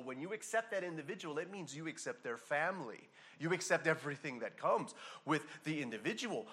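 A man's voice: fairly high pitch, pushed and bright. A man preaching a sermon, emphatic, with frequent restarts and acted-out asides. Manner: emphatic, hammers single words. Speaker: pastor.

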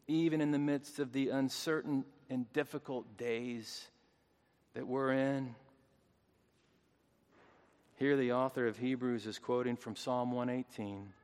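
A man preaching a sermon as pastor, swinging between hushed, tender lines and loud, fervent calls. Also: medium pitch, clear, resonant tone. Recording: long hall reverb.

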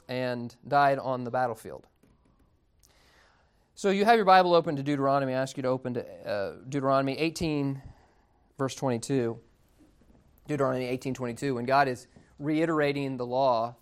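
A man's voice: medium pitch, smooth. Conversational, amused male preacher. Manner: conversational, amused, lively storytelling. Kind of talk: sermon.

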